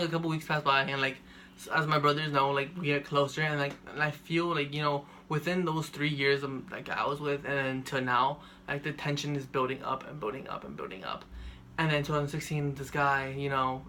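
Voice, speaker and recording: A young man telling a personal story in a flat, monotone, rambling way, full of filler words. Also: on the high side, brisk, a little hiss or hum. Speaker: vlogger.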